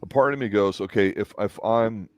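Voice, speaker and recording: Deep-voiced man chiming in dryly. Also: normal speed, no room sound. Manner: laid-back, chiming in with short agreements and opinions. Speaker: co-host of a TV review show. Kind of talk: casual review chat.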